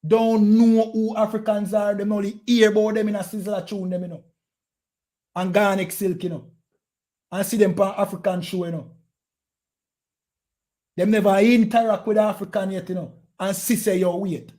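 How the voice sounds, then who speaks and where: A Jamaican man preaching with fierce, confrontational energy, hammering his points through repetition. His voice sits high for a man, yet the tone stays dark and mellow. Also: little pitch movement, normal speed, pauses often. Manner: forceful, confrontational, repeats phrases. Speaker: street preacher. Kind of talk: heated street preaching.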